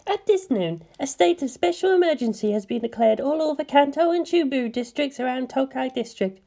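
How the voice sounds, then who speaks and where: A woman voicing an adult emergency broadcast announcer, calm and formal. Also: sits high, fairly quick, gravelly, heavily acted.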